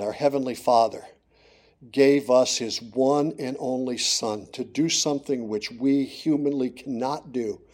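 A middle-aged man preaching a sermon, moving from quiet storytelling to loud, emphatic declarations. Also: medium pitch.

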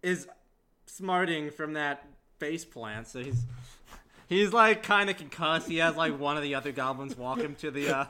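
Male player, bright voice, playful drawled chat. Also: on the high side, normal speed, smooth. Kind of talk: casual tabletop play.

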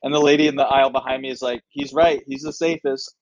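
A man telling a lively, animated story in casual chat, slipping into the voices of the people in it. His voice sits at a middle pitch. The sound is dry and close, with no room echo. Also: quick pace, muffled recording. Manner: animated, acts out other people's lines. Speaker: comedian guest.

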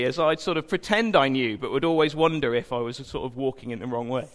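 A man's voice: medium pitch, quick pace. A young man giving an informal sermon, chatty and self-deprecating, with jokey asides. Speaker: preacher. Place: church hall. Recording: long hall reverb.

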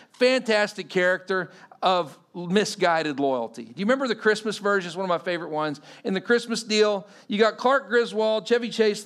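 A pastor preaching a sermon, animated, acting out the voices in the stories he tells. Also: high voice, smooth.

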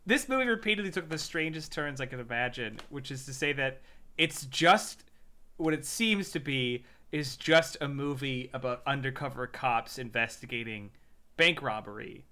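A man's voice: medium pitch, lively intonation, normal speed, pushed and bright. A man co-hosting a casual movie review podcast, exasperated and emphatic, stumbling over his starts. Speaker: podcast co-host.

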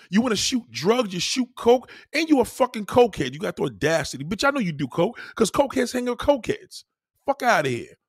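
A husky man ranting heatedly. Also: sits high, dry recording, clean studio sound. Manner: heated, profane, repetitive ranting. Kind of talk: profane ranting monologue.

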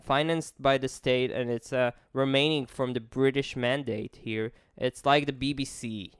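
Smooth-voiced man explaining. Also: mid-range voice, fairly even intonation, no room sound, clean studio sound. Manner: explains at length, halting restarts. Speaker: podcast co-host. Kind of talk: casual explanatory chat.

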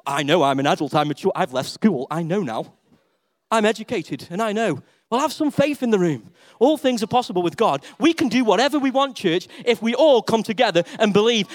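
A man's voice: very high voice, expressive, a little fast. A middle-aged man preaching a sermon as a pastor, telling a story and acting out voices.

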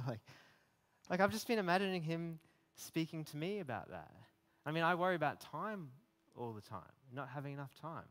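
A man preaching a sermon in a conversational way, with many fillers and restarts, getting animated at times. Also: fairly high pitch, normal speed, big-room sound. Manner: animated when voicing imagined rebukes.

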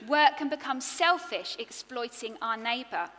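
A woman preaching a sermon, earnest and expressive, building her points in rhythmic lists. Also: on the high side, a little slow, big-room sound.

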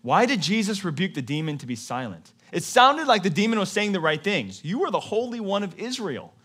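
A male pastor preaching a sermon, his voice sitting a little higher than most men's. He talks to the congregation in a casual, conversational way. He drops low and soft on some points and rises to forceful emphasis on others. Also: very animated, brisk, husky.

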